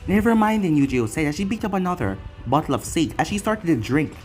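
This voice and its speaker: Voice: medium pitch, very animated, fast talker, a little mellow, soft background music. A narrator reading an anime fan fiction story aloud in a plain storytelling way.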